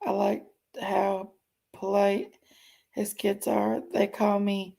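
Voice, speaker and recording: A woman's voice: medium pitch, level tone, slow pace, gravelly, warm tone, slightly rough. A woman hosting a casual livestream, chatting and greeting viewers by name as she reads their comments. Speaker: livestream host reading chat.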